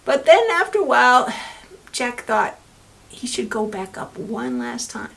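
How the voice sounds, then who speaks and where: Gentle woman reading to children. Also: on the high side, wildly swooping pitch, unhurried, gravelly. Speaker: children's librarian. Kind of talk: children's story time reading.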